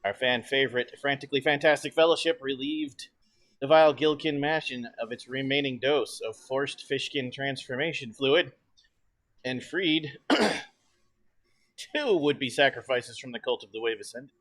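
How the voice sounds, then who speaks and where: A man's voice: mid-range voice, moderate pace, a bit bright. Man narrating a spooky game intro. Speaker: game master. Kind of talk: hosting a tabletop horror game.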